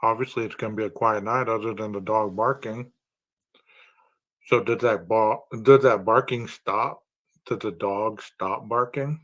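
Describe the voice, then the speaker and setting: A man's voice: lowish voice, fairly even intonation, unhurried, fairly bright tone. A man hosting a true-crime podcast. He reasons aloud and poses long strings of rhetorical questions. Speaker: podcast host.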